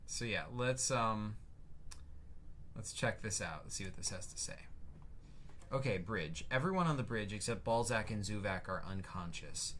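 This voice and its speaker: Over slight background noise, a man with a lowish, fairly bright voice and lively intonation talks at moderate pace while streaming his own game. It's a rambling, filler-packed commentary where he reads out his notes and the chat, answering viewers.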